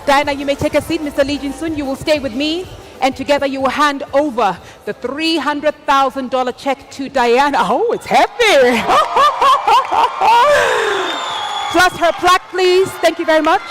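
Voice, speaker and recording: A woman emceeing a live awards ceremony on stage, hyping the crowd with energetic, shouted announcements. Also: high-pitched, normal speed. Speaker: event emcee. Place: stage of a large live event.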